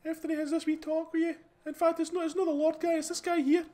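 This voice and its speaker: High, flat-toned Scottish gaming host. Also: fast talker. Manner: rambling, loose and chatty with many restarts. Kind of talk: casual gameplay commentary.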